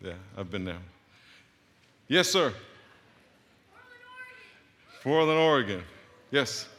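A middle-aged pastor from Long Island banters with the congregation in an unhurried, bouncy voice with a bright, forceful edge. His voice carries a long reverb in a big church hall. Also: medium pitch, big pitch swings. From Long Island, New York. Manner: joking, teasing banter with the crowd. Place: large church auditorium.

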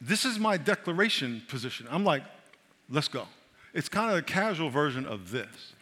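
A middle-aged male pastor preaching a sermon, animated and repetitive, often checking that his congregation is following along. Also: on the high side, fairly quick, husky. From New York. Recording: long reverb of a large hall.

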